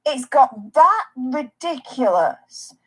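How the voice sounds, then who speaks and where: A woman's voice: sits high, big pitch swings, slow, husky. A woman co-host adding a wry, weary comment during the commentary.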